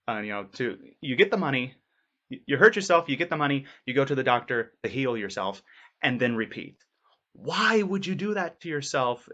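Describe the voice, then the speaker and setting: A man's voice: medium pitch, a bit bright, dull audio. A man voice actor talking casually in a vlog, rambling with many fillers in an earnest way. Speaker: voice actor vlogger.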